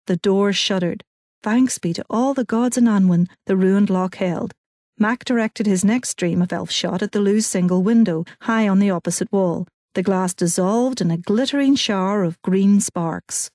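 A woman reading a novel aloud at a middling pitch, steady and clear. The recording is dry and close, with no room sound. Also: moderate pace, dry recording. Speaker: audiobook narrator. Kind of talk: scripted narration.

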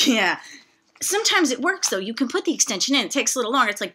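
Woman, middle-aged, bright and forceful voice, fairly high, chatty exasperated rant. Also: big pitch swings, fast talker, husky. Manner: chatty, exasperated, self-mocking asides. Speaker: vlogger. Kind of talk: casual rant to camera.

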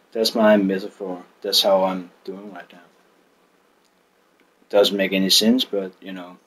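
Slow, husky man with a non-native English accent. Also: fairly low pitch, low-quality recording. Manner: joking, rambling, profane, with frequent fillers and restarts. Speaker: miniature painting vlogger. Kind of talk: casual vlog chat.

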